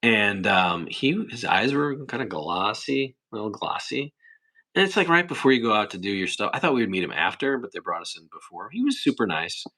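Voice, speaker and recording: A young man hosting a casual livestream, rambling through chat questions and sometimes breaking into shrill impressions. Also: sing-song, a little fast, sharp tone. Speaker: livestream host.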